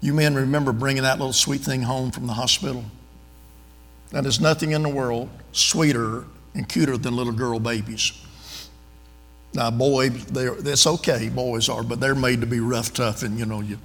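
Gravelly older preacher in a hall. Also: male voice, medium pitch, fairly even intonation, moderate pace, fairly bright tone. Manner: folksy, drawling, storytelling with asides to the congregation. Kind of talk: sermon with folksy stories.

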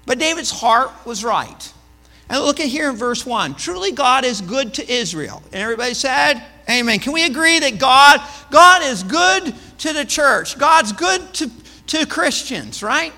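High bright-voiced preacher in an echoing hall. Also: male voice, expressive, measured pace. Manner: storytelling, swings between hushed and loud emphatic delivery. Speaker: pastor. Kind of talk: conversational sermon. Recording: reverberant hall with mains hum.

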